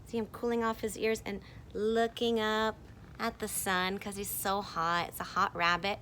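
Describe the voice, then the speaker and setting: A woman reading a picture book aloud to children, animated and full of coaxing questions to her listeners. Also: medium pitch, moderate pace, a little hiss or hum. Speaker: storybook reader.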